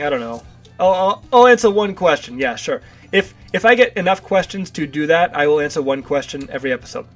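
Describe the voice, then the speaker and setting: A young man casually rambling and stammering through self-deprecating commentary while playing a video game. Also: a little high. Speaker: gaming video host.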